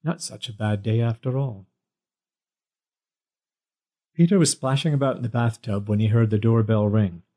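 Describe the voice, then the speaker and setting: Mellow-voiced male audiobook narrator. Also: on the low side, moderate pace, pauses often. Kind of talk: scripted narration.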